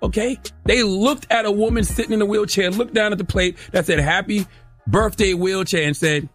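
A man's voice: sits high, normal speed, faint music behind. A male radio host delivering a mocking comedic rant, tossing in "okay?" after every point. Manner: animated, mocking, repeats "okay?" often.

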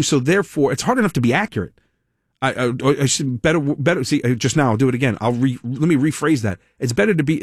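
A man hosting a talk radio show, speaking in an animated monologue full of sarcastic asides and self-corrections. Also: fairly high pitch, breathy edge, no echo, clean studio sound. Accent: American. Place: radio studio. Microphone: studio microphone.

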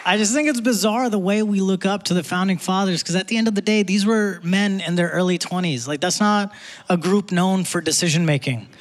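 A man's voice: sits high, fairly quick. A man performing a stand-up comedy set on a theater stage, talking in a punchy, conversational way with asides to the crowd. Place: theater stage before a live audience. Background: audience laughter and faint room noise.

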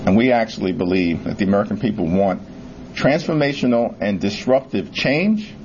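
A man's voice: lowish voice, expressive, normal speed, a little mellow, muffled recording, slight background noise. A man making firm, punchy statements at a news conference. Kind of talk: press conference remarks.

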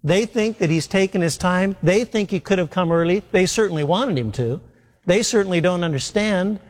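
A man preaching a sermon, earnest and emphatic, slowing down to repeat his key points. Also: high voice. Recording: long hall reverb.

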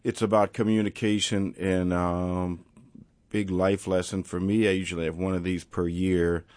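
A man musician talking casually in an interview, reflective and rambling, thinking out loud about his playing and singing. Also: low-pitched, little pitch movement, moderate pace, no echo. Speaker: musician guest.

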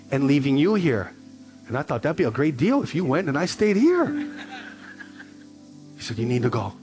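A man pastor preaching a sermon, telling stories with quiet asides and raised, emphatic lines. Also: on the high side.

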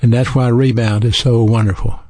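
A man's voice: medium pitch, flat delivery, normal speed, darkish tone, no echo. A man preaching a sermon in an earnest, teaching way, spelling out words letter by letter.

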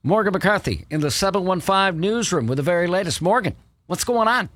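Brief: man, radio host, high and bouncy, tossing to the newsroom, dry studio mic. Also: animated, fairly quick, fairly bright tone, no room sound. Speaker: radio morning show host. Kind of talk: radio show chat and announcements.

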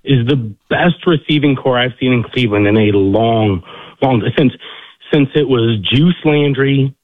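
A man's voice: mid-range voice, a little slow, dry recording. A man calling in to a sports radio show, rambling and emotional as a fan. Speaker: caller. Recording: tinny phone line.

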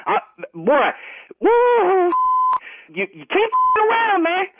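A man's voice: very high voice, huge pitch swings, slow pace, creaky, dry recording. A man arguing heatedly on a phone call, threatening and repeating himself, heard over a tinny phone line. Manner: threatening, repetitive, keeps saying man. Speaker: prank call target. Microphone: telephone.

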